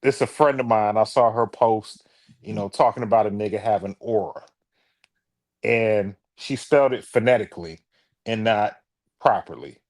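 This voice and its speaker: A man's voice: lowish voice, moderate pace, no echo. A Detroit man co-hosting a podcast in casual chat, telling stories and slipping into playful voices. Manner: storytelling, animated, swings into playful voices. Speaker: podcast co-host.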